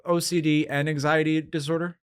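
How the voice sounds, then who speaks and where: A man's voice: on the high side, level tone, fairly quick, smooth. A man hosting a podcast in casual chat, rambling and joking with many restarts. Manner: rambling, self-interrupting, joking. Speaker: podcast host.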